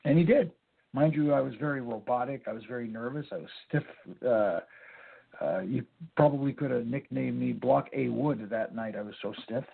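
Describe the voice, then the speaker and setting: A man's voice: medium pitch, normal speed, vocal fry, husky. A man, a former wrestling referee from Canada, telling stories in a rambling way with many fillers in a phone interview. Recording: tinny phone line.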